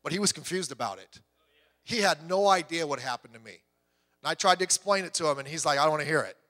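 A man in his fifties preaching a sermon, telling stories with animated voices and swinging from loud to hushed. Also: a little high, fast. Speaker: pastor. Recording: long hall reverb.

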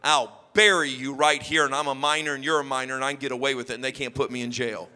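A man's voice: mid-range voice, flat delivery, fast, pushed and bright, voice pushed down. A man playing a stern teenage boy who bluntly threatens his peers into behaving. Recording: long hall reverb.

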